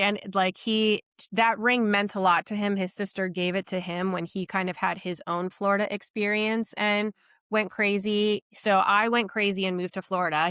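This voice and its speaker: A woman's voice: medium pitch, a bit bright, smooth, no room sound, clean studio sound. A woman guest on a podcast, telling her own story candidly and reflectively, with many fillers. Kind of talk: personal storytelling.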